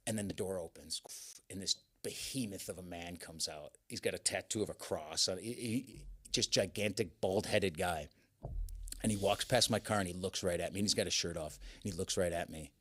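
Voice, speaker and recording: Casting: man, lowish voice, animated storyteller who acts out quotes. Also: normal speed, slightly rough. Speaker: guest. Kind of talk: casual storytelling.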